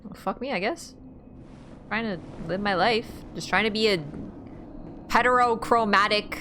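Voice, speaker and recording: A woman streaming a video game, chatting casually, excitable and laughing, swearing freely. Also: mid-range voice, moderate pace, slight background noise. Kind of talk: casual gameplay commentary.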